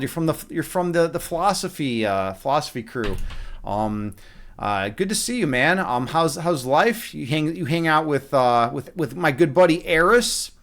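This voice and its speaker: A man live streaming a chess game, chatting casually from his home setup, rambling with lots of restarts and the odd swear word. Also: a little high.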